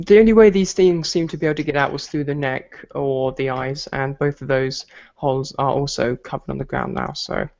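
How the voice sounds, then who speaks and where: A man's voice: mid-range voice, steady tone, normal speed, gravelly, darkish tone, lo-fi sound. A man running a tabletop game as game master, narrating at an easy pace with fillers.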